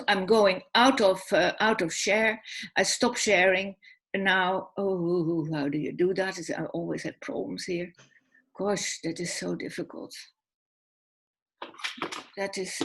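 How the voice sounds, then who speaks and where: A woman's voice: medium pitch, slow pace, a bit bright, a little hiss or hum. A woman hosting an online panel webinar, speaking hesitantly with many fillers and restarts. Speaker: webinar host.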